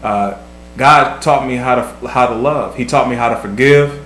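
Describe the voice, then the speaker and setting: A man's voice: medium pitch, moderate pace, fairly bright tone. A man in his thirties, earnest and reflective, giving marriage advice in casual talk, often repeating words as he thinks. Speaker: vlog host, husband. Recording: echoey room, faint hum.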